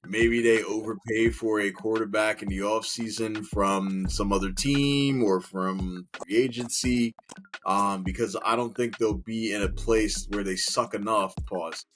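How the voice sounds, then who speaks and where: A man's voice: on the low side, fairly even intonation, unhurried, fairly bright tone, slight background noise. A man co-hosting a football podcast, giving a wry casual recap with scores and stats. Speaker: podcast co-host.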